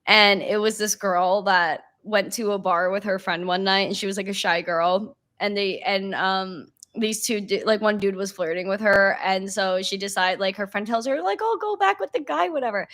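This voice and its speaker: A woman's voice: mid-range voice, steady tone, moderate pace, few pauses, fairly bright tone. A young woman in casual chat, rambling with many fillers and laughing easily.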